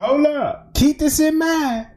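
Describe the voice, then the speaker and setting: A man's voice: very high voice, slow, a little mellow. A man giving casual, slangy commentary over video footage, emphatic and pointing things out. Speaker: commentator walking through footage.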